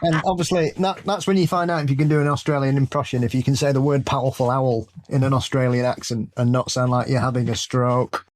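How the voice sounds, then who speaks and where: A man's voice: mid-range voice, steady tone, fast, hardly any pauses, slight background noise. A man co-hosting a spooky-stories podcast, jokey and rambling in casual chat, laughing often. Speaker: podcast co-host.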